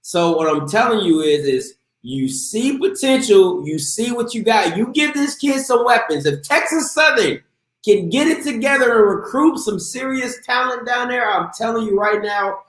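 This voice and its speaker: Male interview host, hyped and slangy, higher voice, echoey room sound. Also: animated, moderate pace, fairly bright tone. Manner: hyped, slangy, talks straight to viewers. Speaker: show host. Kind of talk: casual live interview show.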